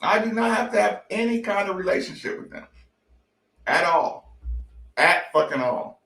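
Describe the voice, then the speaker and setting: A man's voice: high voice, moderate pace, vocal fry, fairly bright tone, far from the mic. A man hosting a sports talk show, ranting in a fired-up, profane, repetitive way. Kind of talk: heated sports talk rant. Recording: echoey room, voice off-mic.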